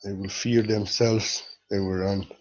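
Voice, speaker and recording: A man giving a gentle, rambling spiritual talk in halting, non-native English. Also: on the low side, little pitch movement, muffled recording. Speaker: spiritual teacher.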